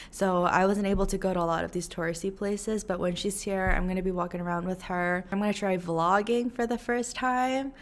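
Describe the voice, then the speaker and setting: A young woman from New York, telling a story in a chatty, animated vlog with many fillers and acted-out quotes. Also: medium pitch. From New York, USA. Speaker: vlogger.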